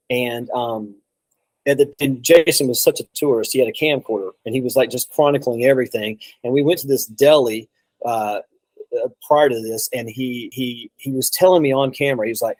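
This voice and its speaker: A man's voice: medium pitch, a little mellow, no room sound, poor audio. A man telling a long road story in a casual chat, rambling, with many restarts and quoted asides. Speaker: guest drummer.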